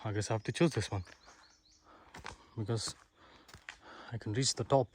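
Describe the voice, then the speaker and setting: A young man vlogging as he hikes up a fort, chatty and excited, talking to viewers and out of breath. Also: lowish voice, normal speed. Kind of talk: casual trekking vlog. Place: outdoors on a hilltop fort. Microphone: handheld phone. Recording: noisy outdoor phone recording.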